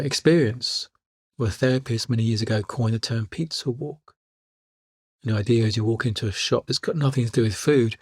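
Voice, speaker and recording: A man, a life coach telling calm personal stories in a reflective podcast monologue and repeating his key lines. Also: medium pitch, no echo, clean studio sound.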